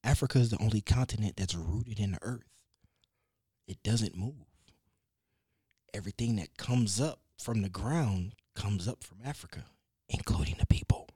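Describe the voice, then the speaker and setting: A man telling a story in a casual conversation, loose and animated, with slang, cursing and frequent restarts. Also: lowish voice, measured pace, pauses often, breathy edge, no room sound, clean studio sound.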